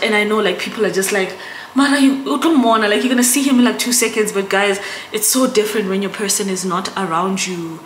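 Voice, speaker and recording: In a casual vlog, a young South African woman talks to camera in a chatty, emotional way, often turning to her audience. Her voice is medium-pitched and a bit bright, and the room is echoey with background noise.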